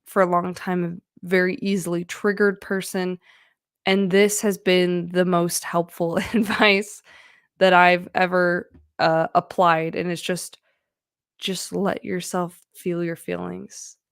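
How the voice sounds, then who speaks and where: Earnest chatty woman with gravelly fry. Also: fairly low pitch, little pitch movement, takes it slowly, no echo, studio quality. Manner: earnest, chatty, many fillers like "like" and "right?". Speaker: mental health vlogger. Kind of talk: casual talking-to-camera advice.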